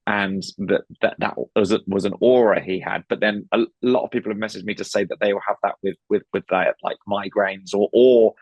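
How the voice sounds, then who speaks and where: A man's voice: fairly low pitch, fairly even intonation, fairly quick, few pauses, no echo, dull audio. A British man, a comedian guest, chatting casually on a podcast with frequent stammered restarts. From United Kingdom. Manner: stammering restarts, acts out voices.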